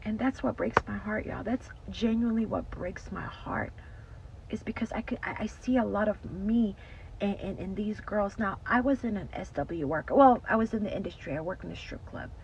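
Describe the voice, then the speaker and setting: A woman's voice: medium pitch, creaky. A woman giving an emotional faith testimony in casual talk. She speaks earnestly, repeats herself, often addresses listeners as y'all, and drops to a whisper at emotional moments. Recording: slightly dull lo-fi audio with faint noise.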